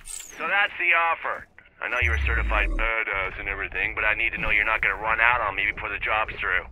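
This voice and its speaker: A man's voice: fairly low pitch, fast, sharp tone, a little hiss or hum, voice pushed down, low-quality recording. A man voicing a brash employer making a job offer.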